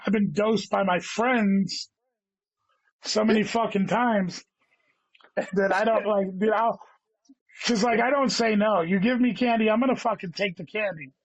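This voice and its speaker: Guest comedian, male, higher voice, rambling profane storyteller, dry, dull lo-fi recording. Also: unhurried, pauses often, no room sound. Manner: rambling, heavy swearing, says "dude" constantly. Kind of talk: casual storytelling chat. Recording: dull lo-fi sound.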